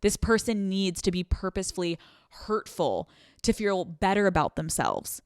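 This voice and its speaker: Her voice is mid-range, clear and resonant, delivered at a normal pace in a dry, studio-quality recording. Hosting an advice podcast on her own, she speaks frankly, curses without holding back, and performs the people she quotes.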